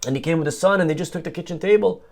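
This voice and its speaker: A man's voice: a little high, rapid-fire, gravelly, voice pushed up. A man voicing a male tenant with a Spanish-tinged Israeli accent, speaking matter-of-factly. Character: male tenant from Argentina, casual and unbothered.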